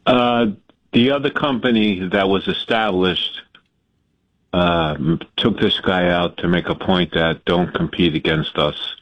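A man calls into a radio show and tells his story earnestly, pausing often with fillers. His voice is extremely low. The sound is dry and muffled, like a lo-fi line. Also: dry recording. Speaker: radio caller. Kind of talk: call-in radio talk.

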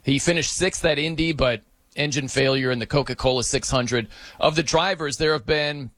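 A man hosting sports talk, animated and joking, laughing as he riffs on the news. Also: mid-range voice, moderate pace, no room sound. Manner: animated, joking, breaks into mock announcer voices. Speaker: sports radio host.

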